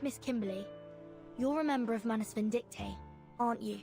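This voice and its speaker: A woman voicing a calm female interrogator who questions a frightened captive in a game. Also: on the high side, vocal fry. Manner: level, measured questioning. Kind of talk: game voice acting. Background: game music.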